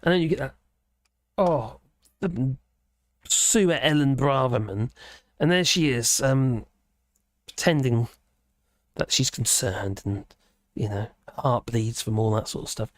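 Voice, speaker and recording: A man's voice: medium pitch, slow pace, long pauses, no room sound. A man hosting a casual live stream, chatting in a rambling way and reacting to viewers' comments with chuckles. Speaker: livestream host.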